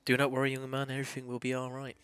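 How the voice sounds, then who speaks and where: A man's voice: mid-range voice, monotone, rapid-fire, a bit bright, smooth, no echo, voice pushed up, natural voice. A man reading as a pompous, eccentric older inspector in a grandiloquent, theatrical way.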